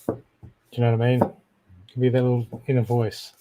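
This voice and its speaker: A man's voice: medium pitch, completely flat delivery, normal speed, long pauses, mellow, dry recording. Australian man giving intuitive readings. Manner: direct, keeps checking in with "okay?". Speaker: intuitive reader. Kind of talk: live-stream reading.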